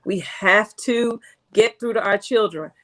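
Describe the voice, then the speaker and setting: A woman's voice: medium pitch, unhurried, fairly bright tone. A woman, a guest on a podcast, speaking earnestly with some hesitant fillers. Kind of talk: casual discussion.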